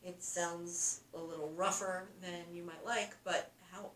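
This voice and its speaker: Woman co-host, calm and reflective chat, recorded far from the mic in an echoey room. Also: lowish voice, slight background noise. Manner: reflective, unhurried, encouraging. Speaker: podcast co-host. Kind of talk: casual spiritual chat. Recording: roomy, distant mic, faint ambience.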